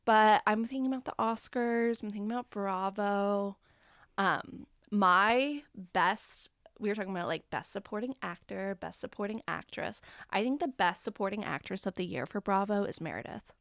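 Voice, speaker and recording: A woman's voice: mid-range voice, normal speed, fairly bright tone, no room sound, clean studio sound. A woman hosting a casual pop-culture podcast, talking in a chatty, gossipy way with lots of "like.". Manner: chatty, gossipy, heavy use of "like". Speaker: podcast host. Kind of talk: casual chat. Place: Los Angeles area.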